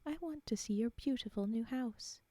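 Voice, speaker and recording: A woman voicing a sly, wicked male fox in a storybook, speaking in a falsely gentle manner. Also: fairly high pitch, moderate pace, no room sound, close to an everyday voice. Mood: coaxing. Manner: falsely gentle, then rough.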